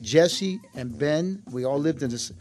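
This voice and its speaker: A man, an actor guest, telling relaxed stories in casual interview talk, slipping in Spanish words. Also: a little high, measured pace, soft background music. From United States. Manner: relaxed storytelling, mixes English and Spanish words.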